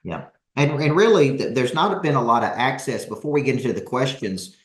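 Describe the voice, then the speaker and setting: A man's voice: medium pitch, fairly quick. Guy coach running a live session, hypes up the crowd, kinda echoey room. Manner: energetic, rallying the audience. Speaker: business coach, host.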